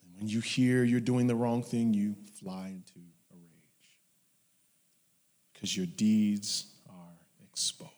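A man preaching a sermon, telling stories and acting out his parents, dropping to hushed whispers and rising to loud shouts. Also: fairly low pitch, flat delivery, slow pace, long pauses. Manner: storytelling, acts out family members in his anecdotes. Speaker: pastor. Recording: long hall reverb.

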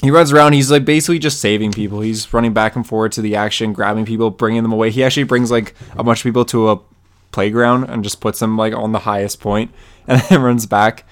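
A male co-host on a casual comics podcast gives a fast, hyped recap, excitedly retelling the story. He acts out the characters' lines by jumping into higher voices.

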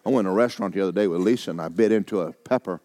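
An older man, preaching a sermon in a church. He moves between loud, urgent preaching and quiet, joking asides. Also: low voice, racing, no room sound. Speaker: pastor. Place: church sanctuary.

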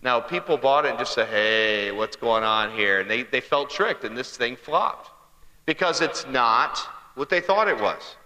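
A man's voice: medium pitch, animated, moderate pace, sharp tone, reverberant, big-room sound, low-quality recording. A man giving a humorous sermon, telling stories and asking the congregation questions in a conversational way. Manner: conversational storyteller, asks the crowd questions.

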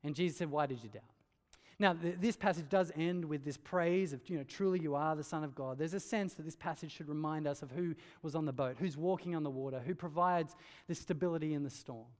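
A man preaching a sermon, earnest and emphatic, dropping low and quiet on key lines. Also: fairly quick. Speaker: pastor. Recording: hall reverb.

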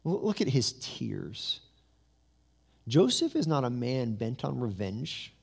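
A man preaching a sermon as pastor, telling the story with lively asides and humor, then dropping to a soft, low voice for weight. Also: takes it slowly, creaky, husky. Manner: drops to a soft, low voice for emphasis.

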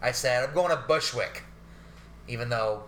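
A man co-hosting a podcast, telling stories in a loose, profane, animated way. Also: medium pitch, normal speed, slight background noise. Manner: profane, animated ranting storyteller. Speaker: podcast co-host. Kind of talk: casual chat. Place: New York.

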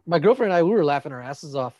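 Laid-back man with a lively, dry voice. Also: on the high side, rapid-fire, no room sound, muffled recording. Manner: laid-back, laughs often, swears casually. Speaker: podcast co-host. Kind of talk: casual chat.

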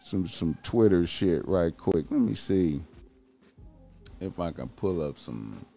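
Profane, rambling man with lively pitch. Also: takes it slowly, soft background music. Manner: rambling, repetitive, bursts into high-pitched incredulous outbursts. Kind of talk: profane casual commentary.

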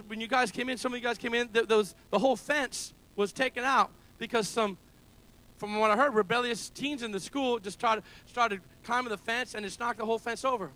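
A male pastor preaches a sermon in a very high, bright, forceful voice at a church gathering held in a school building. In call-and-response style he calls out for amens, building to loud, emphatic shouted peaks.

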